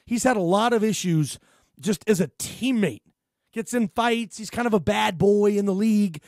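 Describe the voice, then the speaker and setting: A man hosting a sports talk radio show, giving an animated, rambling monologue full of fillers and restarts into a studio microphone. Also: sits high, normal speed, dry recording.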